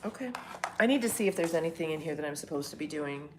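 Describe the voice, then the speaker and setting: A woman's voice: low-pitched, lively intonation, fast talker, background noise. A woman hosting a casual morning livestream from home, rambling and chatting back to viewers' comments. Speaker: livestream host. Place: home, indoors.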